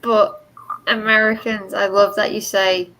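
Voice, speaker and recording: A woman's voice: mid-range voice, level tone, a little slow, a bit bright, rough recording. A woman in casual chat, enthusiastic and giggly.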